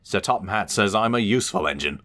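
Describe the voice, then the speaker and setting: A man voicing a gentle, hardworking old male traction engine in a storybook reading, talking softly and modestly. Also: fairly low pitch, animated, fast talker, voice pushed up. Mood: wistful.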